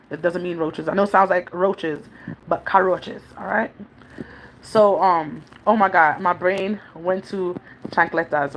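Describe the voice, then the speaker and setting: A woman's voice: fairly low pitch, a little hiss or hum. New mom in her 30s, chatty, rambling, laughs a lot, just talking to the camera. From New York City. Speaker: vlogger, mother. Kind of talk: casual chat to viewers. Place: home, New York.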